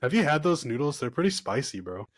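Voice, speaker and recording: Dude co-hosting a podcast, jokey and excitable, says bro a lot, dry mic. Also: male voice, mid-range voice, quick pace, dry recording. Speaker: podcast co-host. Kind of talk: casual chat on a video call.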